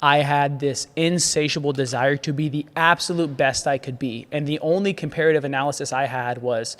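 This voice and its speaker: A man sharing his founding story in an interview, earnest and grateful, animated when he tells stories. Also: a little high, fairly quick, long reverb tail. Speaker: agency founder, guest. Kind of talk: casual conversational interview.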